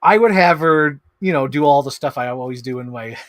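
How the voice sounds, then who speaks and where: A man in his thirties hosting a casual unboxing stream, chatting in an excitable, rambling way with bursts of laughter. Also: mid-range voice, fairly quick, dry recording. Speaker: streamer host. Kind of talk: casual chat while unboxing collectibles.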